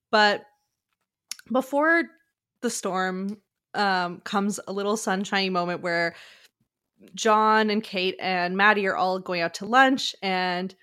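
Woman podcaster, mid-range voice, chatty and animated when retelling scenes. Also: mid-range voice, smooth. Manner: animated storytelling, acts out quotes. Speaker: podcast co-host. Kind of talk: casual chat recapping a reality show.

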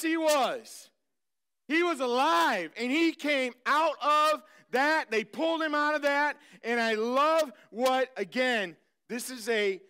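High, bright-voiced preacher man. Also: smooth. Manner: energetic, exclaims and calls out to the congregation. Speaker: pastor. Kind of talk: live sermon. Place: church service.

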